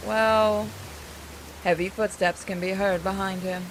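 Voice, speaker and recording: A woman's voice: mid-range voice, steady tone, a little slow, a little hiss or hum. A woman reading and narrating a game aloud, with joking, swearing, self-mocking asides.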